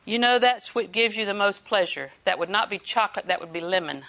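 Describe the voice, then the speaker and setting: Older lady preaching, bright voice, chatty and folksy, laughs a lot. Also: medium pitch, lively intonation, fairly quick. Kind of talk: sermon.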